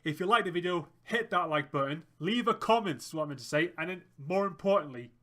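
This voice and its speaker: Commentating his own football management match in let's play style, this young gaming YouTuber groans and cheers as the action develops. He speaks a little high, fast and animated, with a sharp tone.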